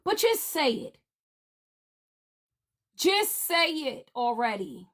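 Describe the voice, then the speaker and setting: Very animated and taking it slowly, a high-voiced woman on a livestream panel launches into a heated rant. Over and over, she pounds the same demands in an indignant, forceful manner.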